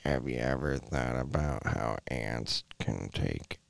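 Un hombre poniendo una voz monótona, lentísima y gravísima, muy rasposa. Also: male voice, rumbling low, voice pushed down, full character voice. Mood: deadpan. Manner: monotone, slow. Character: slow, deadpan monotone man.

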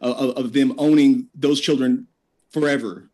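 A man's voice: medium pitch, fairly even intonation, normal speed, warm tone. A young man in an online debate, wry and stammering a little as he restarts his sentences.

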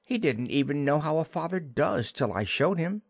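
A man's voice: fairly high pitch, sing-song, normal speed, slightly rough, dry recording, clean studio sound, voice pushed up, exaggerated voice. A man voicing a grumbling schoolboy with a put-out manner.

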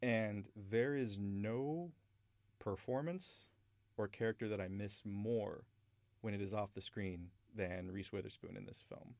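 Rambling, enthusiastic man podcast host, low voice. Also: a little slow, vocal fry, darkish tone, no echo. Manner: rambling and enthusiastic, many restarts. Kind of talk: casual film discussion.

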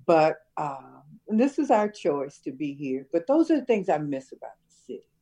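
Older woman with a lively, mellow voice. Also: deep voice, moderate pace, slightly rough, rough recording. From Chicago area. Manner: warm reminiscing, teacherly, laughs easily. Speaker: interviewee, mother of the host. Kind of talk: casual family interview.

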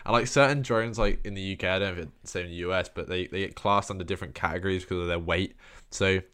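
A man's voice: low voice, steady tone, quick pace, bright, forceful tone, smooth. A man from the United Kingdom chatting casually on a podcast, laughing between thoughts. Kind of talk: casual chat.

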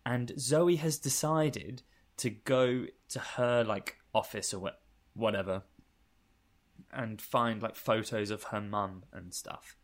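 A man's voice: on the low side, takes it slowly. A man co-hosting a podcast, recapping a film in casual chat, swearing freely, laughing often and rambling between points. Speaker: podcast co-host.

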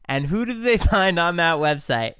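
A young man hosting a casual podcast, joking and teasing his co-host with frequent laughter. His voice sits high and swings through a lively range, smooth and clear. The sound is close and dry. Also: normal speed, no room sound. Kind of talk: casual chat.

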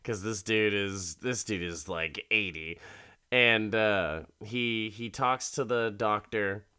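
A man recapping a TV episode in loose, rambling casual chat, swearing and laughing as he goes. His voice is bright and forceful with a smooth, clear tone, set a little low in pitch. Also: slow pace.

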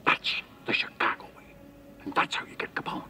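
An actor playing a gruff older street cop who lays out hard truths in an intense, low voice, heard in a film clip. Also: male voice, brisk, sharp tone, in a whisper. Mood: menacing. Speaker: film character. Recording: film clip, distant with background ambience.

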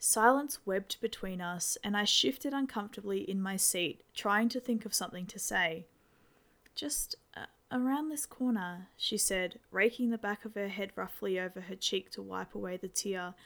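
A woman narrating a scripted spooky story in a measured, descriptive way. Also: mid-range voice, a bit bright.

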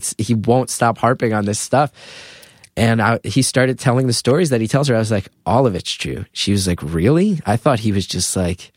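A man, a comedian guest, telling candid stories in a rambling way, full of "like" and animated retellings. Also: lowish voice, no echo, clean studio sound. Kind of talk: candid storytelling.

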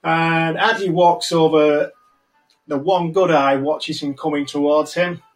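A man running a tabletop game as game master, narrating in a relaxed, conversational way. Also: fairly high pitch, measured pace, faint music behind, rough recording.

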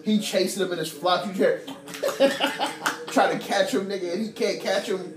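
A young man from Ohio co-hosting a podcast, telling stories in a loud, profane, animated way and laughing often. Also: sits high, normal speed, crowd noise. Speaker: podcast co-host. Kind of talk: casual chat. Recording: echoey room with music behind.

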